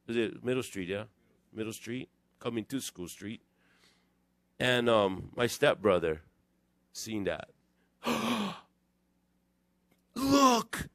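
A male pastor talks through his sermon like a conversation, drifting off into stories. His pitch leaps around expressively. The sound is dry and close, with no room echo. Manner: digressive, animated storytelling. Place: church.

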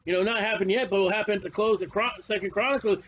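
A man's voice: sits high, fairly even intonation, fast, fairly bright tone, lo-fi sound, a little hiss or hum. A male preacher teaching a Bible study sermon in a folksy, emphatic way, often repeating his phrases.

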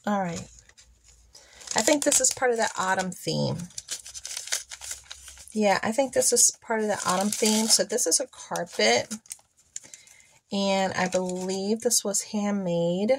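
Slow, chatty woman unboxing miniatures. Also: mid-range voice, slight background noise. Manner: chatty, admiring, asks viewers to look. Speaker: dollhouse miniature vlogger. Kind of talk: casual unboxing chat.

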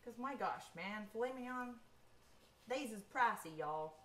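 A woman's voice: fairly high pitch, animated, unhurried, fairly bright tone, slight background noise. A woman hosting a casual cooking live stream, talking in a chatty, slangy way and laughing often. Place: home kitchen. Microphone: camera held by someone else. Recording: echoey kitchen from far off. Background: frying and sizzling.

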